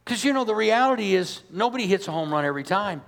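A pastor preaching to his congregation in a high, bright tenor. He talks emphatic and conversational, full of rhetorical questions, and his voice rings with the long reverb of a big church hall. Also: animated, fast. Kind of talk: sermon.

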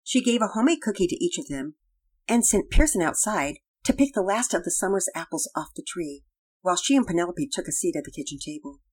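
A woman reading a children's story aloud with expressive, plain storytelling. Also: lowish voice, fast talker, slightly rough, rough recording. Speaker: narrator.

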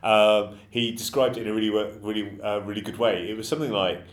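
A man's voice: on the low side, fairly even intonation, quick pace. A man hosting a casual podcast interview, asking rambling, hesitant questions full of fillers. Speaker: podcast host. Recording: echoey room.

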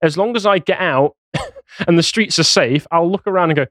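A man's voice: fairly high pitch, normal speed, a bit bright, no room sound, clean studio sound. A man co-hosting a casual podcast, reading news articles aloud and mocking them with sarcastic asides. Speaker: podcast co-host.

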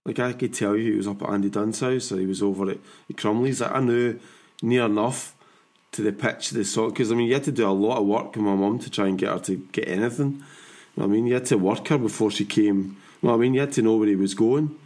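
A Scottish man in his forties hosting a podcast, chatting in a rambling, animated way and laughing often. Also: fairly low pitch, fast. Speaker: podcast host. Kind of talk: casual chat.

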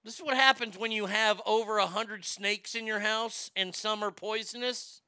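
A man's voice: high voice, steady tone, normal speed, pushed and bright, clean tone, no echo. A man hosting a show, ranting comedically and sarcastically, often stammering and repeating words. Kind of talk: comedic rant.

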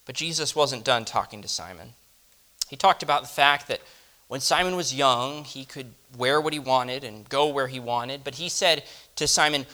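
A man delivering a first-person dramatic monologue, reflective and often dropping to a hush. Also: mid-range voice, normal speed. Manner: reflective, dropping to hushed tones. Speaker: storyteller.

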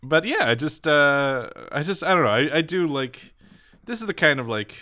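A man co-hosting a casual podcast chat, animated and laughing often. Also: moderate pace. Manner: animated, laughs a lot, jumps to high squeaky voices for quoted reactions. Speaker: podcast co-host.

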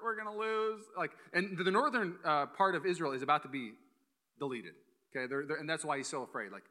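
A young male pastor preaches in quick, energetic bursts, his voice bright and forceful. He keeps slipping into playful asides before driving the point home, pitched a touch high for a man. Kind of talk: sermon. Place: church hall.

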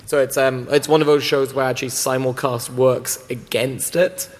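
A man's voice: medium pitch, steady tone, normal speed. A man chats on a convention panel, eager and rambling, full of likes and ums. His voice sits in the middle range and rings out with the long reverb of a big hall. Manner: enthusiastic, rambling with many fillers. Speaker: anime distributor panelist.

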